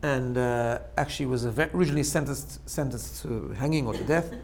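A man's voice: medium pitch, fairly quick, gravelly, a little mellow, a little hiss or hum. A man giving an informal religious talk, telling stories and often checking in with his listeners. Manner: storytelling, checks in with "right?", laughs at own jokes. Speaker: religious teacher. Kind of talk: informal sermon.

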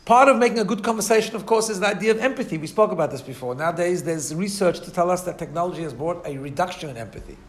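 A man's voice: sits high, lively intonation, racing, few pauses, roomy sound. A man teaching a class in a conversational way, often restarting sentences and checking in with his listeners. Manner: conversational, frequent restarts, keeps asking "right?". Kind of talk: class lecture.

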